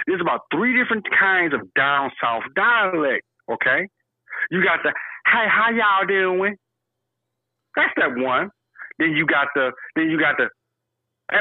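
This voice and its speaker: A man co-hosting a podcast in casual chat, animated and exclaiming, swearing casually and laughing often. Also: sits high, dry recording. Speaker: podcast co-host. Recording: dry, phone-like thin sound.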